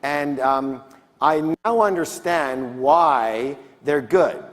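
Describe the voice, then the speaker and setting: A man's voice: fairly high pitch, big pitch swings, very slow, creaky. A man giving a motivational seminar talk on stage, drawing call-and-response answers from his audience. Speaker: seminar speaker. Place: large conference hall, on stage. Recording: long reverb of a large hall.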